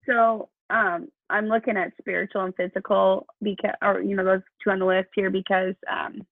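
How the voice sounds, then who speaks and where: A woman's voice: medium pitch, little pitch movement, normal speed, no echo. A mother talking through her routines on a coaching call, chatty and self-deprecating, laughing at herself. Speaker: coaching client. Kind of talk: phone conversation. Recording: gravelly phone-line audio, dry.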